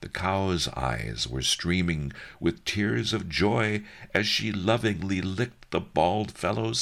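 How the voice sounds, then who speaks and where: A man reads an audiobook in an extremely deep, gravelly voice. He takes a slow, unhurried pace with wry, dry storytelling and a lively, rising and falling delivery. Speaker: narrator. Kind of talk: audiobook narration.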